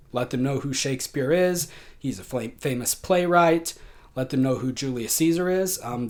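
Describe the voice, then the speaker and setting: A man's voice: mid-range voice, a little mellow. A man teaching an online college writing class, talking in a conversational way with frequent fillers.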